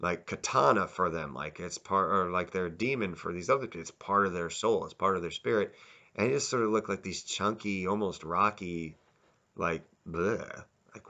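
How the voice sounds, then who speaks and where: A man's voice: on the low side, fairly bright tone, lo-fi sound. A man giving a casual, rambling spoken review, often restarting and correcting himself. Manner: rambling, self-correcting, candid. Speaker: video reviewer.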